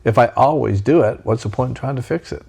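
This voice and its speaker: An older man, a trauma expert, talking in a relaxed interview and acting out quoted lines in lively voices. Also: medium pitch, quick pace, creaky, husky. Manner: animated, acts out quoted voices. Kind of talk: conversational interview.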